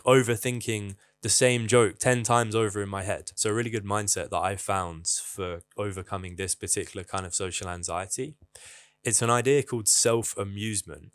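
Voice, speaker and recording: Young guy, candid vlogger, low-pitched, dry close sound, swears casually. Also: fairly bright tone, no room sound. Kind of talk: casual advice monologue.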